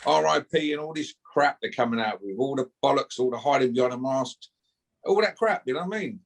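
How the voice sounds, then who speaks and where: A man's voice: mid-range voice, expressive, brisk. A man, calling out a rival in brash, swearing casual talk and ending lines with a taunting "yeah?". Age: 50s. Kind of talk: heated casual callout.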